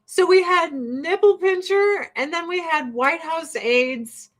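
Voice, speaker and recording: A woman hosting a livestream, chatting casually in a blunt, profane, animated ranting way with frequent laughter. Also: very high voice, slow pace. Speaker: livestream host.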